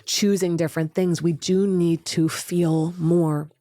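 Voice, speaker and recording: A woman therapist speaking as an interview guest, gentle, measured and compassionate. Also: fairly low pitch, fairly even intonation, no echo. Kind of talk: reflective interview answers.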